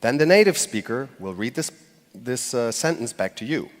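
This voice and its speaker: A man's voice: medium pitch, expressive, normal speed. A man giving a live public talk from a stage, speaking conversationally with fillers and restarts and acting out short quoted phrases with light laughs. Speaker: conference speaker. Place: stage in a large hall. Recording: long hall reverb.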